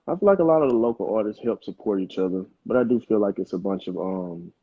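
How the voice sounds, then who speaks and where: A man's voice: lowish voice, lively intonation, quick pace, slightly rough, narrow, tinny audio. A man in his twenties from Mississippi, a rapper talking casually in an interview with a loose, laid-back manner. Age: 20s. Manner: laid-back, loose, lots of "you know what I'm saying". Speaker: rapper guest.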